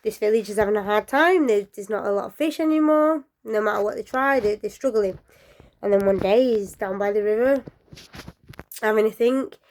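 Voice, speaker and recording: Chatty woman storyteller with soft drops. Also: medium pitch, fairly quick. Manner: chatty, rambling asides with many fillers; often drops to a soft near-whisper. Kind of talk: casual folklore storytelling.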